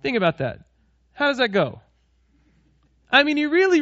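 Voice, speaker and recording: A man with a high voice preaches a sermon in a loose, chatty way, putting questions to his listeners and cracking jokes. The sound is dry and a little dull and muffled. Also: wildly swooping pitch, normal speed, bright, forceful tone, dry recording. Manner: conversational, asks the congregation questions and jokes. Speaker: pastor.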